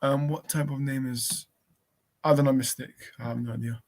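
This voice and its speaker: A man co-hosting a live stream in casual talk, calling out to a missing co-host and spelling out a link slowly. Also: medium pitch, steady tone, creaky, darkish tone. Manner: calls out repeatedly, spells slowly. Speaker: livestream co-host.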